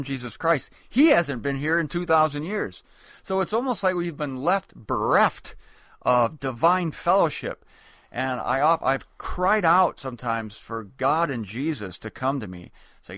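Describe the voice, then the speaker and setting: A man's voice: medium pitch, animated, normal speed, fairly bright tone, no echo. A man delivering a rambling, wry comedic monologue, often correcting himself mid-sentence.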